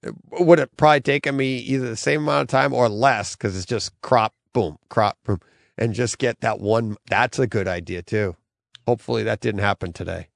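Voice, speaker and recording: A man's voice: on the low side, normal speed, creaky, no echo, clean studio sound. A middle-aged man hosting a podcast, rambling through a story in casual chat and acting out his own quotes. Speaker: podcast host.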